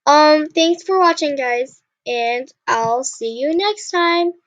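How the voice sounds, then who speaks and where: A young woman hosts a gaming channel and comments casually on her gameplay, often getting frustrated and apologizing to her viewers. She speaks at a slow pace in a high voice, captured in a dry, dull, lo-fi recording.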